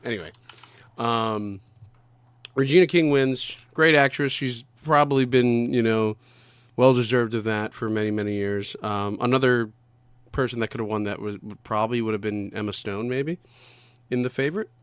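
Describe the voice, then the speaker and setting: A man's voice: mid-range voice, normal speed, clean tone, no echo. Podcast co-host, male, loose rambling chatter with frequent swearing, dry close sound. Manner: rambling, swears often, loses names. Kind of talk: casual chat.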